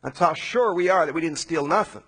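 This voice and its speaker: A man voicing a group of frightened brothers who insist on their innocence in a shrill, high voice. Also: expressive, a little fast, fairly bright tone, husky, big-room sound, heavily acted. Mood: indignant insistent.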